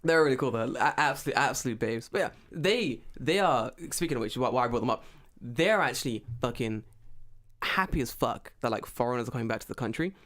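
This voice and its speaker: A man hosting a podcast, telling stories in casual, profane, animated chat. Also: mid-range voice, a little fast. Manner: animated, profane storytelling with lots of put-on voices. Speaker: podcast host.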